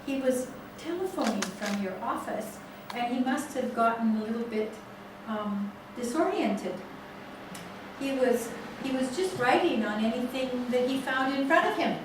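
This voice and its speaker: A woman speaking as a calm mother who tries to soothe her angry husband. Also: on the high side, measured pace, background noise. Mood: placating. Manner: calm, placating. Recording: echoey room, far from mic.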